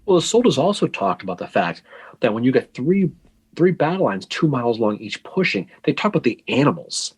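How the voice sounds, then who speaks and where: A man's voice: medium pitch, very animated, a little fast, husky, no echo. A man co-hosting a casual history podcast, telling the story with jokes, asides and restarts. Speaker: podcast co-host.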